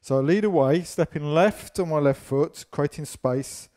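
A man's voice: fairly high pitch, moderate pace, dark tone. Chatty male dance teacher, losing his voice. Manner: chatty, self-deprecating, counts beats aloud. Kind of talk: demonstrating and explaining partner dance moves.

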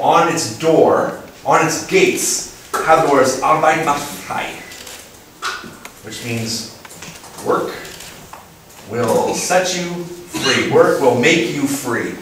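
A man giving a playful, lively lecture to an audience, asking them questions and putting on voices. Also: medium pitch. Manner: animated, playful, puts on voices and asks the crowd questions. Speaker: speaker giving a talk. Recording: echoey room from far off with faint noise.

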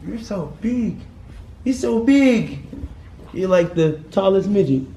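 Young man, casual vlog, playful doting talk, slow unhurried pace, very lively pitch. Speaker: vlogger.

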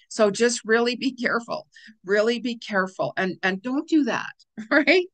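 A middle-aged woman giving a casual spiritual astrology forecast, chatty and animated, laughing often and acting out little quoted reactions. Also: medium pitch, normal speed. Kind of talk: casual weekly forecast talk.

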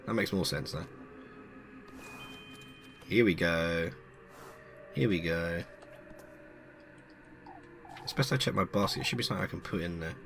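A man's voice: low-pitched, measured pace, gravelly, long pauses, a bit bright, faint music behind. A man hosting a let's play, chatting casually and joking as he plays. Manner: chatty, joking, reads game text aloud. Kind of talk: casual gameplay commentary.

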